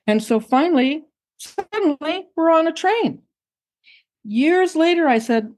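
An older woman, a guest on an interview show, recounting her own memories in a reflective, unhurried way. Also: high voice, lively intonation, darkish tone. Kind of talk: personal recollection in an interview.

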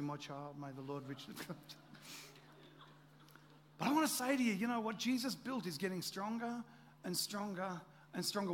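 A man's voice: high-pitched, a little hiss or hum. A man preaching a sermon with energy, firing rhetorical questions at his congregation. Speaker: pastor. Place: church hall. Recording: long reverb of a large hall.

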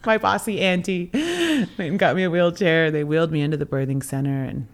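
A low-voiced young woman shares a personal story on a podcast, in a relaxed, chatty way. She is animated and breaks into laughter between phrases, acting out what others said. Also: a little fast. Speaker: podcast co-host. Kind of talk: casual storytelling chat.

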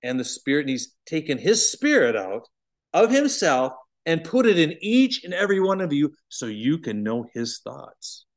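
A man teaching a bible study in an animated, emphatic way, swinging between loud declarations and hushed asides. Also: on the high side, normal speed.

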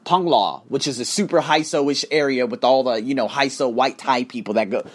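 A man ranting casually and profanely to his viewers, swinging between loud outbursts and hushed asides. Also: medium pitch, moderate pace. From United States. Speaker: vlogger and online teacher. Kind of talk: casual profane rant to camera.

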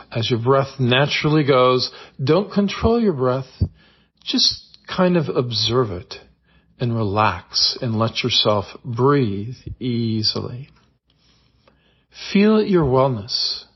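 A man hosting a daily guided visualization, leading the listener through breathing and affirmations in a slow, calm, repetitive manner. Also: medium pitch, slightly rough, dull audio. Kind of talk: guided meditation.

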